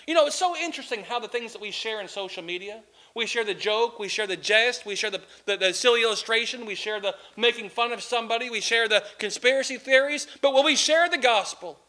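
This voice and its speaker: High, bright-voiced impassioned pastor. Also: male voice, fairly quick, hardly any pauses. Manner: impassioned, repetitive preaching cadence. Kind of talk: sermon.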